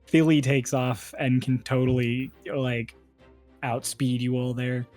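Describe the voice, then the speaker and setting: A man's voice: medium pitch, flat delivery, takes it slowly, darkish tone, faint music behind. A man narrating a tabletop game as game master, laid-back and casual, swearing now and then.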